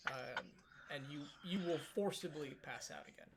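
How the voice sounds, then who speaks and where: A man narrates a tabletop game in a loose, casual way, leaning on fillers as he describes scenes. His voice sits a little high and has a gravelly fry. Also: moderate pace. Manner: casual, many fillers, relaxed. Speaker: game master.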